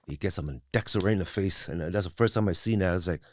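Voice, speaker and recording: A man in his forties, appearing as a guest, tells his life story bluntly and with profanity, restarting often and tagging on "you know what I mean"; English isn't his first language. His voice is low and darkish, his pace quick with few pauses, on a dry recording.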